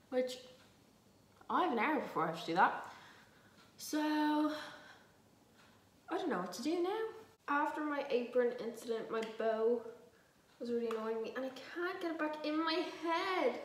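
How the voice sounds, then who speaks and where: In a chatty cooking vlog from her home kitchen, a lightly accented young Dublin woman rambles, swears freely and makes fun of herself. Her high voice has lively intonation, a moderate pace and long pauses, recorded far from the mic in an echoey kitchen with a little hiss or hum.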